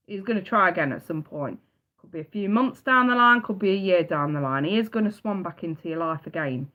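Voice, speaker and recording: A woman giving a live tarot reading, blunt and emphatic, swearing freely and repeating her points. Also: mid-range voice. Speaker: tarot reader. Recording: dull lo-fi sound.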